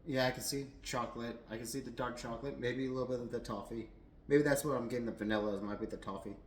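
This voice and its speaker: Man, casual whiskey review, rambling and tipsy, mid-pitched, roomy echo, faint room noise. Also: fairly even intonation, fast talker. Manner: chatty and rambling, many fillers and restarts. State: a little tipsy. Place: at home.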